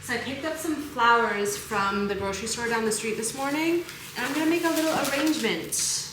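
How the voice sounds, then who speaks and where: A young American woman vlogs casually about decorating her apartment, thinking aloud in a chatty, enthusiastic way. Her voice is fairly high and brisk, recorded with reverb against a noisy background.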